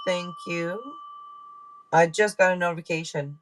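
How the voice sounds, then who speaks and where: A tarot live stream host with a rather low voice talks at a slow pace, leaving long pauses, picked up on a camera mic with slight hiss or hum. Her manner is chatty: she thanks donors, checks in with chat, and trails off before restarting her thoughts.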